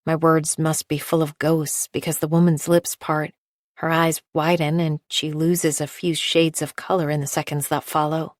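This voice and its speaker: A woman reading a first-person novel aloud in a measured, precise, detached way. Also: low-pitched, flat delivery, no echo, studio quality. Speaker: audiobook narrator. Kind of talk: first-person scripted narration.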